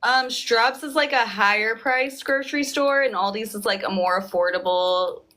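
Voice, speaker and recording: A woman hosts a casual chat with a playful, teasing manner and lively delivery. Her voice sits a little higher than most women's. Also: moderate pace. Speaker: host.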